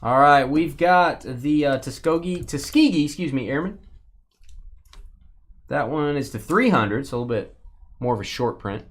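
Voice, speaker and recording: A man hosting a live sports card break, joking playfully and getting excited over the cards. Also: medium pitch, normal speed, long pauses. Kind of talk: casual live stream chat.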